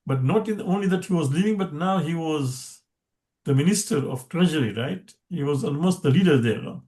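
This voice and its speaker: A man teaching a language class online in a halting way, often checking in with "right?" and quickly chanting verses. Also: a little high, lively intonation, mellow.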